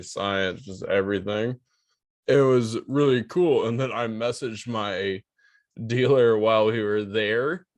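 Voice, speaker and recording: A laid-back man co-hosting a podcast, with a low voice that drawls along slowly. He rambles through his stories with frequent laughs and swearing. His voice is dry and close to the mic. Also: no room sound. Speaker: podcast co-host. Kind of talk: casual storytelling chat.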